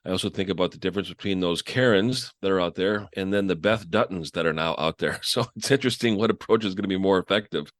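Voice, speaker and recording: A man's voice: low voice, fast talker, hardly any pauses, dry recording. A man, a sales trainer co-hosting a casual talk, speaking earnestly about selling.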